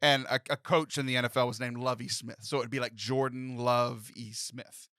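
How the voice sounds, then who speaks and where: A man in his thirties hosting a comedic podcast, jokey and animated, often laughing as he talks. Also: mid-range voice, moderate pace, dry recording. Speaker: podcast host. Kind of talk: casual comedic podcast chat.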